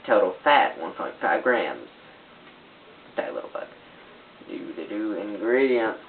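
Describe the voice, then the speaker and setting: A woman's voice: extremely low pitch, lively intonation, unhurried. Rambling woman on a tinny webcam. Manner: distracted, random, swears a lot. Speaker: first-time vlogger. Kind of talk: rambling casual webcam talk. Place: her messy bedroom. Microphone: camera propped on a glass on a fan. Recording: tinny, noisy, echoey home webcam.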